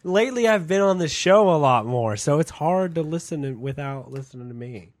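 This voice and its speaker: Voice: medium pitch, expressive, fairly quick, dry recording. A podcast panelist making sardonic quips in casual banter. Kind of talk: casual joking chat.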